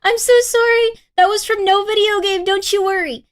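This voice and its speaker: A woman's voice: very high-pitched, fairly even intonation, moderate pace, hardly any pauses. A woman streaming live, talking casually to her chat in a gushing, rambling way that repeats itself.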